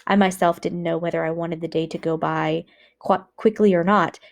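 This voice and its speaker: A woman teacher reading a book aloud for students in a measured, earnest way. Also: lowish voice, fairly even intonation.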